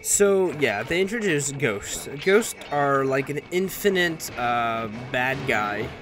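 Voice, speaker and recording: A man's voice: mid-range voice, animated, slow pace. A man giving casual gameplay commentary, rambling and jokey, swearing and correcting himself as he goes. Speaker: let's play commentator. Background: game music.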